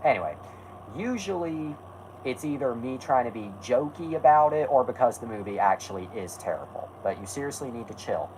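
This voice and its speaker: A man's voice: mid-range voice, expressive, a little fast, a little mellow, slight background noise, low-quality recording. A man hosting a live stream, talking casually and rambling, correcting himself and snapping back at his chat.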